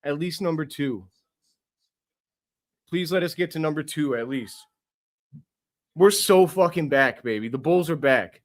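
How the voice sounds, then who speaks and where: A young man hosting a sports podcast, reacting live with euphoric, profane excitement and lots of repetition. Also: on the high side, a little slow, long pauses. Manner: euphoric, swearing, repeating himself.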